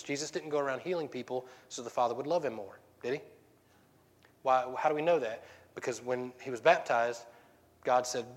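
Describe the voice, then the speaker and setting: A man preaching a sermon as pastor, speaking with emotion, laughing often and rising into excited bursts. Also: medium pitch. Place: church sanctuary. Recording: long hall reverb.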